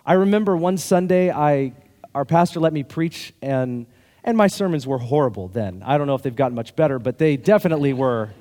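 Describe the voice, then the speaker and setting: Male pastor, slightly high voice, chatty self-deprecating sermon, long hall reverb. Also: animated, fairly quick, warm tone. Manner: conversational, self-deprecating preaching with laughs.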